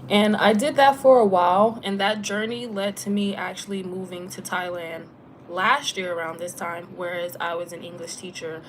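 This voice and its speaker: A young woman vlogger chatting casually on a live Q&A, relaxed and talkative, using lots of filler "like" and slang while she reads out viewer comments and letters. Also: on the low side, moderate pace, a little hiss or hum. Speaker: travel vlogger and former teacher.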